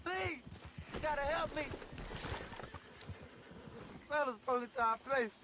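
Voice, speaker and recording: A man's voice: extremely high pitch, unhurried, background noise. A panicked man begging for help. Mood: pleading. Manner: frantic, pleading. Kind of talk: video game voice acting.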